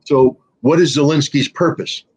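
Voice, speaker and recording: A man's voice: a little high, normal speed, slightly rough. A man speaking as a guest commentator in an interview, blunt and sarcastic, with frequent fillers and restarts.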